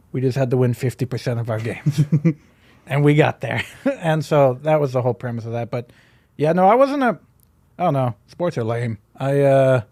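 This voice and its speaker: A man's voice: medium pitch, mellow, no room sound. Rambling, jokey man as podcast guest. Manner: rambling, full of fillers, jokey. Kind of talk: casual comedic chat.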